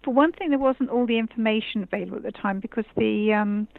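A woman's voice: fairly high pitch, quick pace, creaky, no echo. Older female guest: rambling, chatty, on a dry, tinny phone line. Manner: chatty, rambling, many fillers. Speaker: author guest. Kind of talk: casual interview.

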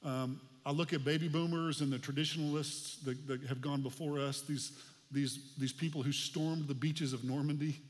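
A man's voice: a little high, steady tone, normal speed, long reverb tail. A man in his forties from the United States, preaching a sermon as pastor in a conversational, folksy way with casual asides.

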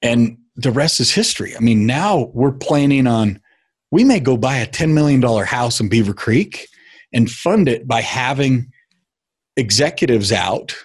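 A man's voice: medium pitch, measured pace, slightly rough. A middle-aged man telling a personal story in a casual chat, acting out what others said. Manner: animated storyteller, acts out quotes. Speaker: guest.

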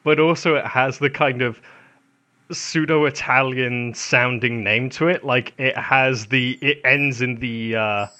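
Bright-voiced man chatting about anime. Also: medium pitch, takes it slowly, muffled recording. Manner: laughs often, relaxed chatty delivery. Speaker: podcast co-host. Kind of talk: casual anime podcast chat.

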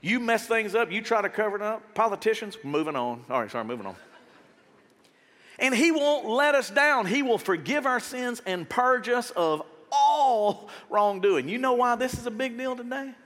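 A man preaching from the stage with a high, bright voice that leaps up and down in pitch. He talks to the crowd like a friend, throws out quick rhetorical questions, and acts out short scenes. His voice rings with the long echo of a big hall. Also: lively intonation. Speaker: pastor. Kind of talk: sermon. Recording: reverberant hall sound.

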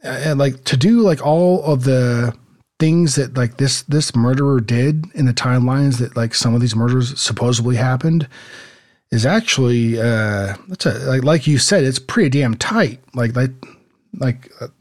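A man's voice: mid-range voice, a little slow, darkish tone. A man co-hosting a casual true-crime podcast, talking hesitantly with many filler words. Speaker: podcast co-host.

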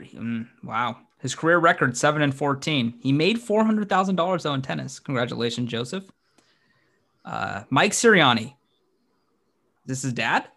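A man co-hosting a sports podcast in casual chat, animated and quick to laugh, his pitch jumping up when he gets excited. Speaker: podcast co-host.

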